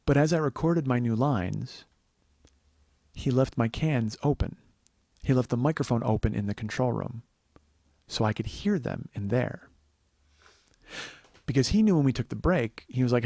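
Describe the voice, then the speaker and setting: Gravelly-voiced comic in his forties, podcast host spinning a profane, rambling yarn; dry, close sound. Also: mid-range voice, moderate pace, long pauses, no echo. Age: 40s. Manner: profane, rambling, animated storyteller. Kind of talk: comedic storytelling monologue.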